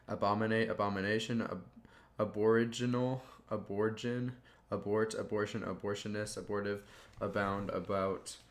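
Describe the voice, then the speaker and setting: Male YouTuber, flat delivery, rattles off a word list, slips and laughs, roomy sound. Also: lowish voice. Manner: monotone word list with stumbles and chuckles. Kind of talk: reading dictionary words aloud.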